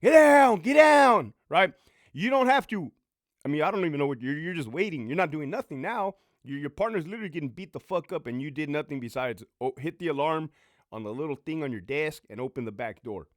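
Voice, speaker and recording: Middle-aged ex-prison sergeant ranting, swears a lot, voice jumps all over, dry close sound. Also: male voice, a little high, animated, quick pace, no echo. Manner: blunt, profane, lecturing. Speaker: military veteran. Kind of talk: profane storytelling monologue. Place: home.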